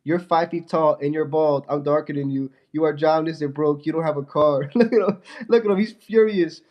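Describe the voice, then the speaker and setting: A man's voice: a little high, brisk, muffled recording. A young man on a casual livestream with a stuffy nose from a fever, mocking and trash-talking a viewer in his chat.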